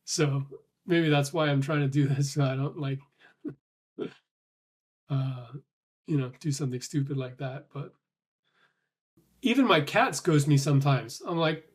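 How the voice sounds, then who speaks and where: A man's voice: fairly high pitch, unhurried, pauses often, breathy edge. A man in a casual thinking-aloud monologue who talks in loose, rambling restarts with some swearing and sounds a little short of breath. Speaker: vlogger.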